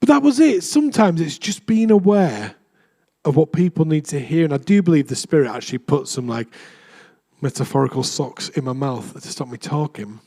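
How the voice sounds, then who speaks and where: Chatty young vicar with a mellow voice. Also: male voice, on the high side, animated, moderate pace. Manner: chatty, self-deprecating storyteller. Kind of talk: sermon. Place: church.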